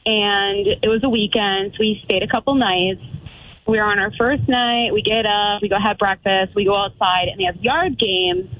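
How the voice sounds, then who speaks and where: A woman in her thirties telling a frightening story as a caller, talking fast and acting out what people said. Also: mid-range voice, steady tone, a bit bright, no echo, dull audio. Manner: breathless retelling with quoted dialogue. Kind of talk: casual storytelling.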